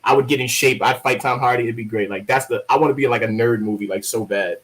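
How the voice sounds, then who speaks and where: A man's voice: mid-range voice, fast, poor audio. Joking, profane man from Baltimore. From Baltimore, USA. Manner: joking, profane, lively storyteller. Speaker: guest poet. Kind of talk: casual interview chat.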